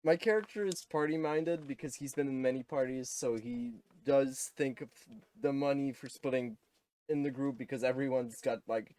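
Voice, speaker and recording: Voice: mid-range voice, normal speed, dark tone. A player in a tabletop role-playing game who jokes and laughs often. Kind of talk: casual tabletop game play.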